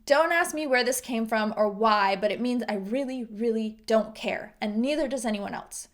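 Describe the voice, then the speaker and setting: A woman with a fairly high voice teaches English idioms to learners. She explains each phrase clearly and patiently, then acts out short example lines. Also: moderate pace.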